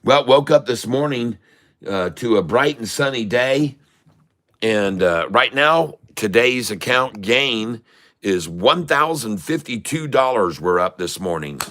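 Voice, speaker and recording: Animated but a little slow, his mid-range voice comes across bright and forceful. The middle-aged day-trading streamer welcomes his audience with enthusiasm, reads comments from chat aloud, and keeps the energy high.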